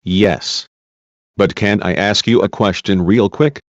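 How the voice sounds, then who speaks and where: A man's voice: fairly low pitch, fairly even intonation, takes it slowly, dry recording. A man reading a polite female witness. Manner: short, polite answers. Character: female witness answering under oath, polite. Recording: dull lo-fi recording.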